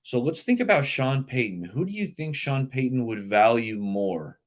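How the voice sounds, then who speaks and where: A man's voice: mid-range voice, animated, normal speed. A man hosting a live sports talk stream, chatting loosely and reacting to viewer comments. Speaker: livestream sports show host.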